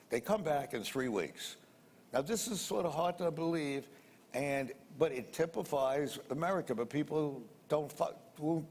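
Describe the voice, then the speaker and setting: A man's voice: medium pitch, a little mellow. Older male interviewee, rambling anecdotal storyteller, reverberant room, light noise. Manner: rambling, colloquial, repeats sound words.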